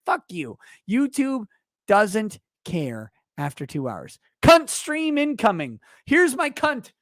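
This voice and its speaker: A man hosting a casual livestream, reading viewer donations aloud in a loud, profane, ranting way that swings between shouting and muttering, a little tipsy. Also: high voice, wildly swooping pitch, slow pace, no room sound, clean studio sound.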